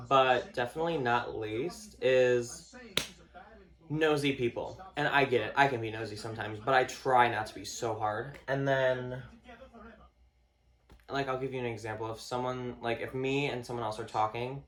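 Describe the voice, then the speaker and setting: A man vlogging a casual rant to camera, swearing often, packing his talk with fillers and mocking other people in a higher voice. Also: fairly even intonation, normal speed, fairly bright tone. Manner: profane, filler-heavy, mocks others in a higher voice.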